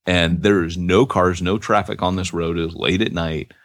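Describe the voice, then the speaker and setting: A man's voice: low-pitched, fairly even intonation, normal speed, no room sound, studio quality. A middle-aged man, a podcast co-host, telling a long personal story in a casual, rambling way with lots of restarts.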